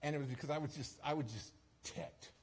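A man with a slightly high, husky voice speaks as a guest preacher at a church service. He tells a story in a loose, conversational way, laughing at himself and often restarting his sentences. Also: fairly quick. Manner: chatty, self-deprecating, with frequent restarts and asides. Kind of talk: storytelling sermon.

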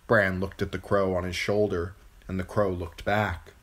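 A man reading a fantasy novel aloud as an amateur narrator, with expressive, dramatic storytelling. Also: low-pitched, moderate pace. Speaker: hobby audiobook reader.

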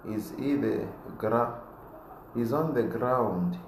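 Man, live-stream politician type, animated, laughs a lot, echoey room, faint hiss behind. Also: medium pitch, slow, creaky. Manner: animated, laughs often, gets loud when fired up. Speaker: aspiring politician answering viewer comments. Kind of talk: live-stream chat reading comments.

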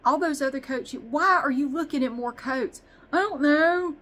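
A woman's voice: high voice, normal speed, fairly bright tone, rough recording. A woman vlogger chatting casually, rambling and swearing with self-deprecating humor. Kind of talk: casual chat.

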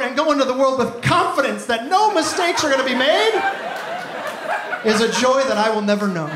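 A man doing a stand-up comedy set on stage, telling stories in an animated, exasperated way into a handheld mic. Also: extremely high pitch. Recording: echoey venue with loud audience ambience. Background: audience laughter.

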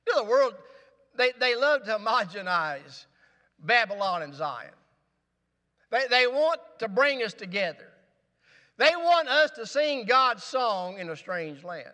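A man's voice: very high voice, pushed and bright, in a large hall. A male pastor preaching a sermon in a church, with rising emphasis and rhetorical questions. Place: church sanctuary.

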